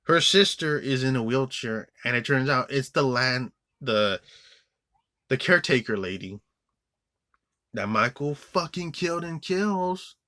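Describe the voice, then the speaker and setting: A man's voice: medium pitch, expressive, a little slow, sharp tone, dry recording, studio quality. A man giving an angry, profane movie review rant, rambling with many restarts and fillers. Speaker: film reviewer.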